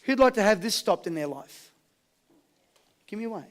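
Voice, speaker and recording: A man with an Australian accent giving a high-energy motivational seminar, rallying a live audience with questions and call-and-response. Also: lively intonation, normal speed, a little hiss or hum. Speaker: motivational speaker.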